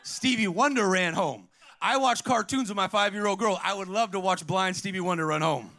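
A middle-aged pastor preaching an energetic sermon, calling out to the congregation and telling stories. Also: male voice, sits high, moderate pace. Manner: preaching with call-outs to the congregation, storytelling.

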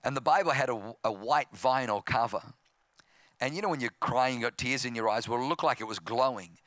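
Australian man, pastor, 50s, sermon storytelling, bright forceful tone, dry close sound. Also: medium pitch, fairly quick, no room sound. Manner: storytelling, acting out voices, grows loud and impassioned. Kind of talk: evangelistic sermon testimony.

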